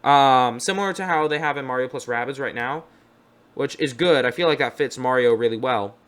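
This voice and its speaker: A man's voice: mid-range voice, a little fast, a bit bright. Chatty young man reacting on camera. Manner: rambling, upbeat, self-correcting. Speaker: video reaction host. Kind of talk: casual reaction commentary.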